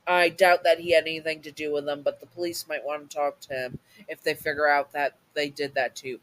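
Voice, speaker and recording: A woman voicing a calm, protective middle-aged father in a fan audio story, steady and reassuring. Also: deep voice, fairly quick, poor audio.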